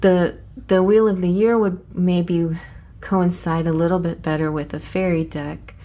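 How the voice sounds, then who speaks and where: A woman hosting a casual flip-through review of an oracle deck, chatty and excitable, thinking aloud and restarting her sentences. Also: fairly low pitch, a little slow. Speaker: tarot channel host.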